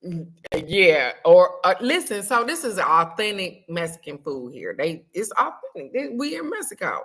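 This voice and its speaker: A woman hosting a casual livestream, talking loud and fast with slang, swearing and lots of laughter. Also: fairly low pitch, big pitch swings. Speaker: spiritual card reading host. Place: on a trip abroad.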